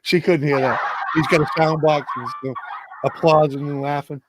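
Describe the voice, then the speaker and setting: A man's voice: a little high, fairly even intonation, brisk. A man in a casual voice chat, cheery and chuckling with friends. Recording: loud background noise.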